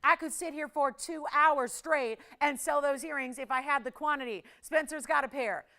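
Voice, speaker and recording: Bright, chatty woman hosting a shopping show. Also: high-pitched, normal speed. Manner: chatty, excitable, laughs often, talks to callers and operators. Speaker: jewelry shopping host. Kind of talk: live TV shopping pitch.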